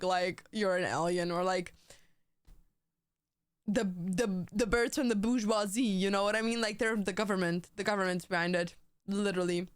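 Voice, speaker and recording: Smooth-voiced young woman streamer rambling. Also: mid-range voice, no room sound. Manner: rambling, profane, jokey banter. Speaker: livestreamer. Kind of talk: casual livestream chat.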